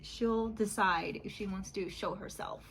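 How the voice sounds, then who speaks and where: For her YouTube beauty vlog, a woman in her thirties chats loosely and laughs often while doing makeup at home, filmed with a phone's back camera. Her mid-range voice is creaky and husky with fairly even intonation, she takes her time, and the recording is low-quality.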